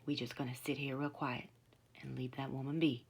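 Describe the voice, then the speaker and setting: Woman playing a gruff big riverman, curt hissed orders, low husky voice. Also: level tone, a little fast, full character voice. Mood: hushed warning. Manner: curt, hissing commands.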